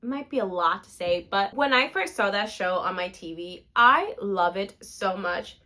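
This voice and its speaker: A woman's voice: medium pitch, unhurried, sharp tone. A young woman vlogging about theme parks, gushing and emotional as she talks. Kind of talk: excited theme park vlog chat.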